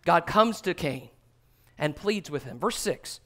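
Preaching a bit slowly with lively intonation, a pastor speaks earnestly to his congregation in a fairly high voice. He lowers himself to a soft hush to drive points home.

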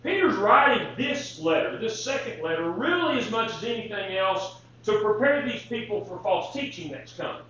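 A man's voice: high voice, sing-song, moderate pace, hardly any pauses, a bit bright, a little hiss or hum. A male preacher delivering a sermon, reading scripture and putting rhetorical questions to the congregation. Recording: very echoey hall, distant mic, dull lo-fi sound.

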